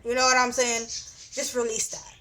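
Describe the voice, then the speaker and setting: Young woman, high voice, blunt and profane, casual astrology talk with lots of filler phrases. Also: monotone, normal speed, pushed and bright. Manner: blunt, profane, repeats "you know what I'm saying". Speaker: astrology reader.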